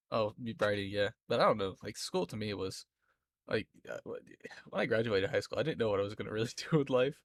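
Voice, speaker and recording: A young man with a Southern accent and a lowish voice drifts through easygoing chat with his viewers, breaking into frequent laughs. His words sound close and dry, with no room around them. He rambles loosely from thought to thought. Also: animated, a little fast, long pauses, no echo. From Florida, US. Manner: rambling, laughs often between lines. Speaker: live streamer.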